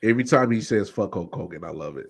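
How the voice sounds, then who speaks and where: A man's voice: on the low side, animated, fast talker, gravelly, a crowd in the background. A man co-hosting a casual podcast who banters in a laid-back way, full of slang. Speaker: podcast co-host. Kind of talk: casual chat.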